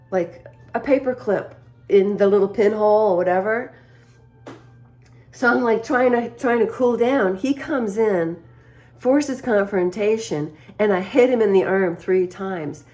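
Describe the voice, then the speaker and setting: A woman talks straight to her viewers in a casual, confiding way, telling a story from her own life. She breaks into laughter often and acts out the lines of the people in it. Her pitch sits in the middle range for a woman. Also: darkish tone. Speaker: vlogger.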